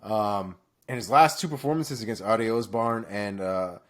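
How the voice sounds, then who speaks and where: A man's voice: fairly low pitch, moderate pace, a bit bright. A man co-hosting a podcast, running through fight news casually with frequent fillers. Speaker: podcast co-host.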